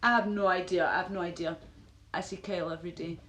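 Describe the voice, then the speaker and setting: A woman's voice: on the low side, steady tone, fast, a bit bright. A Glaswegian woman live-streaming, chatting to viewers in a rambling, filler-heavy way with frequent laughs. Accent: Glaswegian Scottish. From Scotland. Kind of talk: casual live-stream chat answering viewers. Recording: roomy echo with faint noise.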